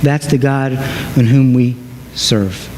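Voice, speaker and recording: A man's voice: medium pitch, slow pace, noisy background. A man preaching a sermon as a pastor, telling the story dramatically and acting out the voices of the people in it. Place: church sanctuary. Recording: long hall reverb.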